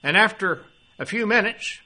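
At a normal speed, an older man delivers an animated sermon in a high voice that sounds pushed and bright. His style is expository: scripture read aloud, an explanation to follow, and frequent questions aimed at the listeners.

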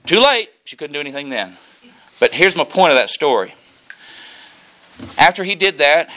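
A man preaching a sermon, earnest and repetitive, building to loud emphasis. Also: a little high. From South Mississippi, US. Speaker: pastor.

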